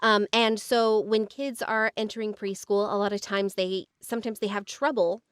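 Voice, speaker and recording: A woman with an American accent, a former special-education teacher co-hosting a podcast, speaking casually with many pauses and fillers. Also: mid-range voice, flat delivery, fairly bright tone, clean tone, no room sound, clean studio sound. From United States. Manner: hesitant, many "um" and "like". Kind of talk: casual chat.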